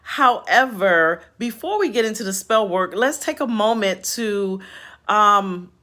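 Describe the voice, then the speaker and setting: Slow-talking woman chatting casually. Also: mid-range voice, fairly bright tone. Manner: chatty, laughing asides, folksy slang. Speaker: host. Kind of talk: casual spiritual chat. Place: home. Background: home repair noise.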